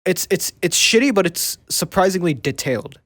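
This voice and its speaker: A man's voice: high voice, animated, moderate pace, fairly bright tone, no echo. Stammering young man, dry close sound. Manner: stammering, repeats words often. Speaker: student show panelist. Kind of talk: casual chat.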